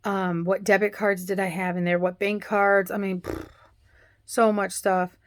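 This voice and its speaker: A woman's voice: mid-range voice, little pitch movement, measured pace. A middle-aged woman, rambling through a casual story and acting out the other people in it. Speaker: cooking channel host.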